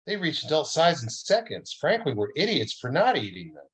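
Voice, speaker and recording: A man's voice: on the high side, huge pitch swings, moderate pace, slightly rough, pitched above the performer's own voice, heavily acted, rough recording. A man voicing a zealous male food scientist who talks bluntly and emphatically.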